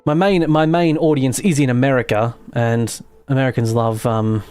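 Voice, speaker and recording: A man's voice: mid-range voice, fairly even intonation, moderate pace, a little mellow, soft background music. A man from Australia with a mild Australian accent, chatting casually on a game livestream, rambling, laughing easily and trailing off mid-sentence. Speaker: game streamer. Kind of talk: casual live-stream chat while building in a game.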